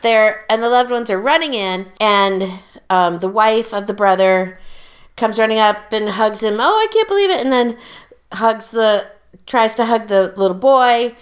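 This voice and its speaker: A woman's voice: medium pitch, fairly even intonation, a little slow. A woman casually retelling a plot, rambling and correcting herself, laughing often and gesturing as she talks. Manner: talks with her hands while telling. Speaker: storyteller in a casual conversation.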